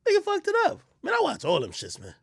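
Male streamer, high and animated, gravelly edge, loud crude storytelling, dry close sound. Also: quick pace, no echo. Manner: loud, laughing, crude storytelling with sudden yelps. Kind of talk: casual livestream chat.

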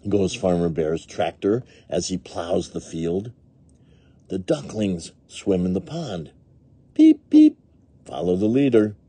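This read-along narrator has a low, warm, slightly rough voice as he reads a picture book to young children. He has fun imitating animals and machines and asks the listeners questions.

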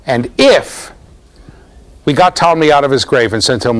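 Lively, jokey man lecturing a class. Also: mid-range voice, moderate pace, long pauses. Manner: animated, jokey, talks to students directly. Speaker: university lecturer.

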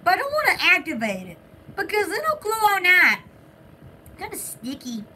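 A woman's voice: very high-pitched, huge pitch swings, normal speed, bright, forceful tone, a little hiss or hum. A woman hosting a live online sale, chatting casually and giggling often. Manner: giggly and playful. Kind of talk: casual livestream chat.

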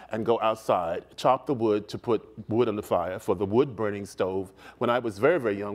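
A man in his sixties, a guest in a stage interview, telling vivid stories of his childhood in a stately, warm manner. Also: mid-range voice. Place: stage before a live audience.

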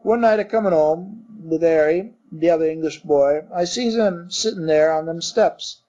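A man doing a rough Cockney bellboy. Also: on the high side, moderate pace, dark tone, natural voice. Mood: gossipy. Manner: rough dropped-grammar working-class speech. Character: coarse young male Cockney bellboy, blunt and rattled. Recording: dull muffled recording.

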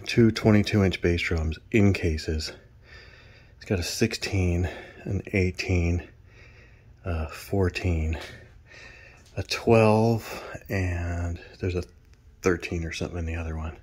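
A man with a low voice rambles through his gear in a casual show-and-tell, out of breath from hauling it around. The sound is dry and close, with no room echo. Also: slow pace, long pauses, darkish tone, breathy edge. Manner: rambling, counts items aloud. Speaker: drummer vlogger.

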